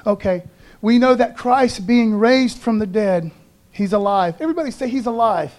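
A pastor preaches with fervent emphasis, rousing his congregation and slipping into casual, chatty asides. His voice sits high for a man. The delivery swings from loud calls to quiet, confiding lines. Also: lively intonation, moderate pace. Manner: conversational, peppers speech with "man". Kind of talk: Easter sermon.

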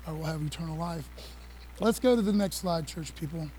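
A male preacher giving an excited, conversational sermon, talking fast with laughs and casual asides. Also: a little high, a little hiss or hum, low-quality recording. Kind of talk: energetic sermon with slides.

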